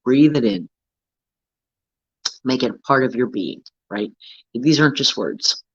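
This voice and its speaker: A man's voice: mid-range voice, expressive, measured pace, slightly rough, dry recording, highs cut off. A man hosting a casual self-help talk, coaching earnestly and often checking in with "right?". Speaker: host.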